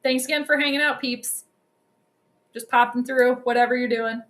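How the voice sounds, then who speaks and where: Young woman, casual live game commentary, high bright voice, chatty and excitable. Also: moderate pace. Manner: chatty, excitable, talks to viewers directly. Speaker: livestream host doing game commentary.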